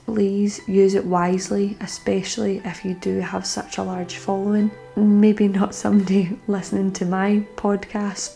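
A woman's voice: medium pitch, vocal fry, mellow. A woman hosting a podcast, talking reflectively and giving advice to her listeners. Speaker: podcast host. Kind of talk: podcast conversation.

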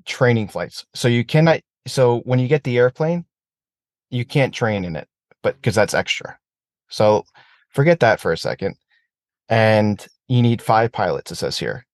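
A man's voice: medium pitch, a little slow, dry recording. A man talking casually about aerobatic flying, swearing freely and ranting when heated. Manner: profane, animated rants. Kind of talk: casual chat.

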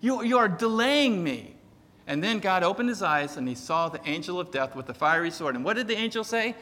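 A man delivers a sermon in a chatty, storytelling manner and jokes at his own expense. His voice sits high and bright. It rings out with a long reverb in a church sanctuary. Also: lively intonation, fast. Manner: conversational, storytelling, self-deprecating humor. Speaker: preacher.

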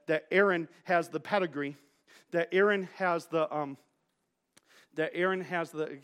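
A man's voice: fairly high pitch, a bit bright. A male pastor giving a sermon in a conversational, joking way, telling playful stories to his congregation.

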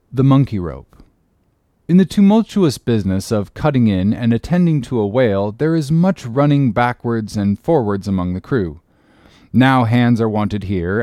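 A man narrates an old novel with a lively, rising and falling pitch and a measured pace. The recording is dry and close, with no room sound. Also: no room sound. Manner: measured, expressive storytelling. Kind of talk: audiobook reading of a classic novel.

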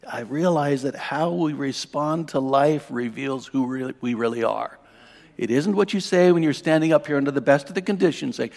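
A man preaching a sermon, telling a personal story with strong emotion, dropping to a hush and rising to loud declarations. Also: mid-range voice, normal speed, vocal fry, big-room sound. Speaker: pastor.

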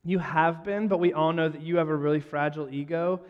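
A man with a light, high-pitched voice tells self-deprecating stories to a crowd, breaking into joking asides. His voice carries a long reverb, as from a large hall. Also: fairly even intonation, fairly quick, smooth, muffled recording. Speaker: speaker addressing a live audience. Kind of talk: humorous talk to a crowd.

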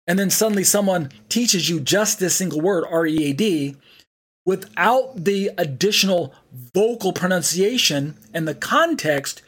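Teaching a Bible study online, a high-pitched man takes his explanations slowly. He often spells words letter by letter and fills gaps with many fillers.

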